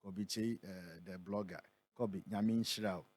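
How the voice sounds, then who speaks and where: A Ghanaian man who is a prophet, speaking in a radio interview and reading scripture aloud, slowing down and building on the key words. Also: low-pitched, steady tone, darkish tone. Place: radio studio.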